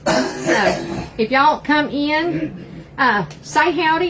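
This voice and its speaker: An older woman from East Texas hosts a live cooking stream from her home kitchen, in a chatty, folksy Southern drawl. Her voice sits a little high, and a steady noise runs behind her. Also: takes it slowly, long pauses. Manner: chatty and folksy, says y'all a lot. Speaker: cooking livestream host. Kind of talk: casual live cooking chat.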